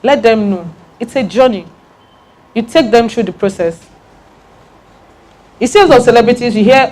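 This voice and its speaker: A woman giving a lively branding talk to an audience, repeating her key points with emphasis. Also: on the high side, moderate pace, pauses often.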